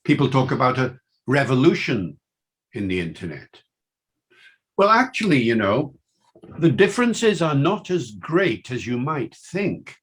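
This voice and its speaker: Older man, welsh-liverpool accent, husky voice, lively lecturing, rising on emphasis. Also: unhurried. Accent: Welsh and Liverpool mix. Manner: enthusiastic, lively pitch swings. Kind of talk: university lecture.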